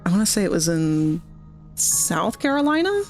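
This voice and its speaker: A woman's voice: fairly low pitch, very animated, moderate pace, darkish tone, soft background music. A woman from Maryland chatting casually on a livestream while playing a game, rambling through stories with self-deprecating asides. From Maryland, United States. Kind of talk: casual chat while gaming.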